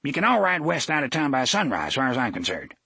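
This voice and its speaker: A man's voice: mid-range voice, big pitch swings, fast, vocal fry, sharp tone, slightly rough, dry recording, voice pushed up, heavily acted. A man voicing a pudgy, pompous small-town sheriff who blusters in a folksy dialect. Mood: blustering.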